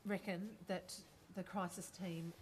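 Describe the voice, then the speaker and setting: A woman playing a supportive friend in a role-play, speaking gently and patiently to reassure him. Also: lowish voice, little pitch movement, measured pace, slight background noise, lightly acted. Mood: calm. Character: calm supportive friend talking someone down.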